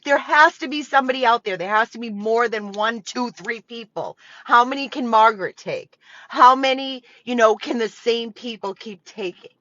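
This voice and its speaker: A woman's voice: fairly high pitch, moderate pace, a bit bright, dull audio. A woman who runs a dog rescue, making an emotional, pleading appeal straight to her viewers from the rescue property. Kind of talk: impassioned direct appeal to viewers.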